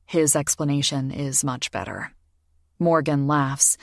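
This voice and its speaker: A low-voiced woman reads a romance audiobook in a measured, intimate first person. Her delivery is steady and quiet. The recording is dry and close, with no room sound. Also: dry recording. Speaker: audiobook narrator. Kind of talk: scripted narration.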